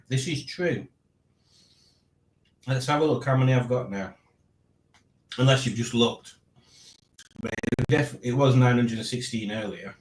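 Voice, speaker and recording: Male stream host, rambling and dry-humoured, mid pitch, roomy home room. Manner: rambling, dry playful teasing, reading chat aloud. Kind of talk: casual live stream chat.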